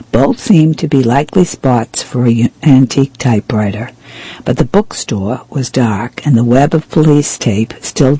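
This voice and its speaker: A man reading a mystery novel aloud in steady, even first-person narration. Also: mid-range voice, husky, no echo, low-quality recording. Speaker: audiobook reader.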